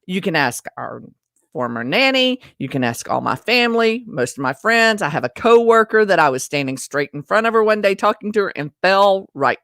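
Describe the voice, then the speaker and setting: A woman's voice: mid-range voice, big pitch swings, normal speed, a bit bright, no echo, clean studio sound. A woman vlogger telling a personal story in a chatty, self-deprecating way, speaking straight to her viewers. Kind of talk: casual storytelling to camera.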